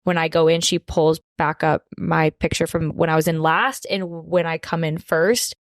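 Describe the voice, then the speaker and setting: A young woman talks casually and eagerly, with plenty of "like" between her recommendations. Her voice sits on the low side for a woman. The sound is dry and close, from a podcast mic. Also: fairly even intonation, moderate pace, dry recording. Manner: chatty, enthusiastic recommendations with frequent "like". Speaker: podcast guest. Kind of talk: casual chat.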